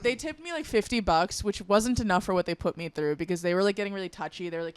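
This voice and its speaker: A woman's voice: medium pitch, expressive, fast, smooth. A young woman co-hosting a podcast, telling stories in a chatty way with lots of fillers. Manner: chatty storyteller, filler-heavy. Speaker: podcast co-host. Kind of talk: casual chat.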